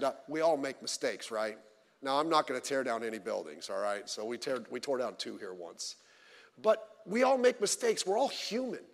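A male pastor preaching a sermon, swinging between loud emphatic lines and low quiet asides, telling stories with humor. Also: long reverb tail. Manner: informal storytelling with humor. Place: church.

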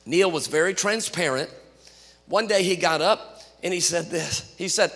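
High, gravelly man preaching in a hall. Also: normal speed. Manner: animated storytelling preacher, rising to shouts. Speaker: pastor. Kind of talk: sermon.

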